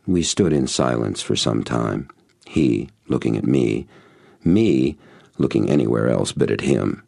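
A man narrating a book in the first person, in a measured storytelling manner. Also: rumbling low, animated, vocal fry, a little mellow, no echo, studio quality. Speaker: audiobook narrator.

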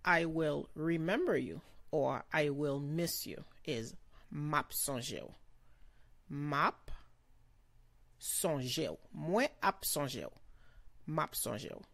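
A woman giving a slow vocabulary lesson, pronouncing each word carefully and repeating it. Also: low-pitched, vocal fry, no echo. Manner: slow, careful pronunciation with repetitions. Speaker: language teacher.

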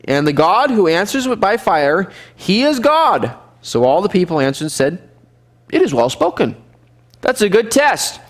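A man teaching a casual Bible survey class as pastor, lively and animated, acting out scenes now and then. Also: moderate pace. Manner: lively, animated, acts out scenes with sudden high shouts and laughs. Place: church fellowship room.

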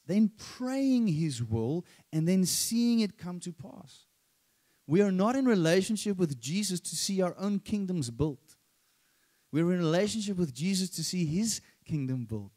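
A man's voice: high-pitched, mellow. A male pastor with a South African accent preaching a sermon, emphatic and rising on key phrases.

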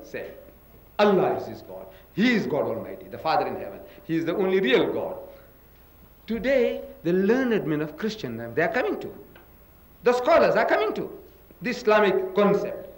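A man's voice: on the high side, big pitch swings, moderate pace, a bit bright. A man from India raised in Africa, giving an emphatic public lecture and spelling words out letter by letter. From India, raised in South Africa. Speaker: lecturer in a public religious debate. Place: lecture hall. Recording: roomy hall echo.

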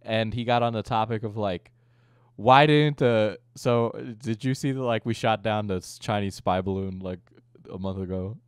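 A low-voiced young man who rambles through a casual chat with crude jokes and lots of filler. The sound is dry and close, with no room around it. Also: normal speed, smooth, dry recording. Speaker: streamer and host.

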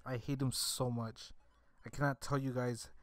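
A man's voice: medium pitch, level tone, moderate pace, no echo, faint music behind. Rambling young man, dry close mic. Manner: rambling, repeats himself, mock-defensive asides. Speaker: gaming YouTuber. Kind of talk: casual pack-opening commentary.

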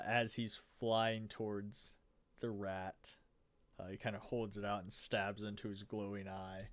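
A man's voice: on the low side, fairly bright tone. A man running a tabletop game as game master, casual and laid-back, swearing freely.

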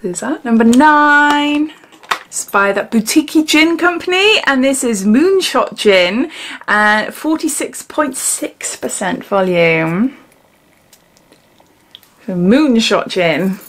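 A woman's voice: on the high side, expressive, slow, a bit bright. A woman chatting casually as she unboxes and sniffs gins, giggling often and dropping into whispers. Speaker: beauty vlogger.

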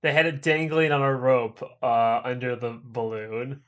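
A man's voice: mid-range voice, level tone, unhurried. A man co-hosting a casual podcast, answering questions in a laid-back way. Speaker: podcast co-host. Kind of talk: casual chat.

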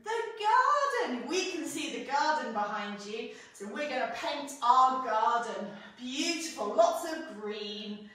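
A woman's voice: a little high, a little slow, fairly bright tone, recorded from a distance. A young woman with a British accent guiding children through a pilates class, in a sing-song, playful, encouraging way. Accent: British English. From England. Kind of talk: guided kids' movement class. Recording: echoey room, off-mic.

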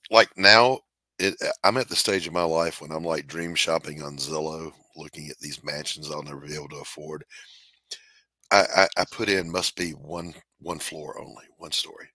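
Middle-aged male host, deep and punchy, joking banter, dead-dry home studio sound. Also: steady tone, moderate pace, sharp tone, no room sound. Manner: wisecracking, laughs and coughs through jokes. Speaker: podcast host. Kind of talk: casual comedic chat.

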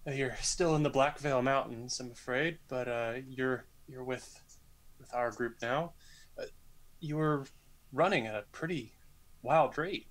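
A man playing in a tabletop game, speaking in character in an earnest, halting way. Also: mid-range voice, a bit bright. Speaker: player. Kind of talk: in-character tabletop role-play.

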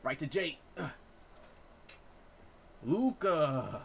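A man in his late twenties giving excitable, profane live gameplay commentary as a streamer, trash-talking. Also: on the high side, very slow, vocal fry, a little hiss or hum. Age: 20s. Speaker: gaming streamer.

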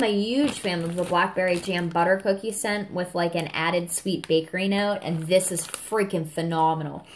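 A woman's voice: fairly low pitch, fairly even intonation, normal speed, hardly any pauses, slight background noise. A woman reviewing products in a casual, gushing chat, a little sniffly, full of fillers. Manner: gushing, chatty, many fillers, addresses viewers as y'all. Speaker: vlogger reviewing scented products.

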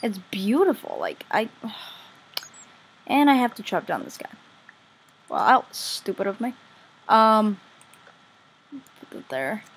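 A woman commenting casually on her own game play as a vlogger, chatty and easily excited, gushing over what she finds. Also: mid-range voice, takes it slowly, long pauses, slightly rough. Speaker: gaming vlogger.

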